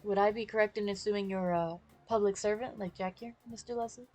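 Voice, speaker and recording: A woman voicing a smooth, flattering male mafia boss while reading a visual novel aloud, speaking in a suave, sly manner. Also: mid-range voice, brisk, faint music behind, lightly acted. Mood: charming.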